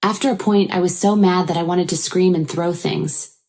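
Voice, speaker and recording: Woman narrator for a first-person drama story, low pitch, mellow tone, steady read. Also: normal speed.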